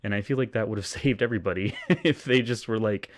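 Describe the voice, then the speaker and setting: A man's voice: fairly low pitch, quick pace. A man on a podcast, casually recapping a film, rambling with lots of ums and frequent laughs. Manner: rambling, many ums and restarts, laughs often. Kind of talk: casual chat.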